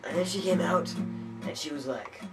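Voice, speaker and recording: A man improvising a rambling, giggly half-sung story, slipping into squeaky high voices to quote people. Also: moderate pace, creaky, rough recording. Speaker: amateur singer-storyteller. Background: guitar playing.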